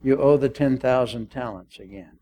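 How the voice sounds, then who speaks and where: A man's voice: mid-range voice, normal speed, mellow. An older male pastor preaching a sermon, acting out the dialogue of a parable with humor.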